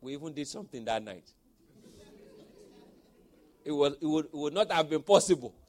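A man in his forties preaches in an animated way, his voice sitting somewhat high for a man. He drops into quiet storytelling, then rises into loud exhortation. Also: normal speed. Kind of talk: sermon with personal storytelling.

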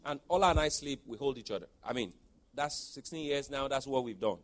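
A man in his forties preaching a sermon, telling a personal story and moving from soft storytelling to loud exhortation. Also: mid-range voice, a little fast.

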